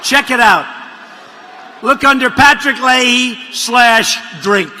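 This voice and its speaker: A man holds forth at a political rally in a high, bright, forceful voice that swings widely in pitch. He rambles and mocks, circling back to repeat his own lines. The sound rings with the long reverb of a large venue. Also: slow pace, a little hiss or hum. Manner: rambling, mocking, repetitive asides. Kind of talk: rally speech. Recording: reverberant hall audio.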